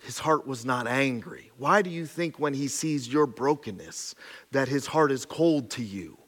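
A man preaching a sermon, swinging from loud emphatic lines to hushed, intimate ones, with casual asides. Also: mid-range voice, lively intonation, a little slow, in a large hall. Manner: conversational asides with frequent "right?" and "like". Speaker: pastor.

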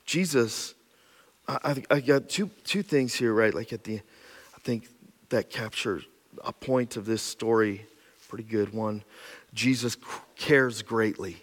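A man preaching a sermon as a pastor, swinging between loud, urgent passages and soft, hushed ones, repeating phrases for emphasis with casual fillers. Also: lowish voice, unhurried. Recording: long reverb of a large hall.

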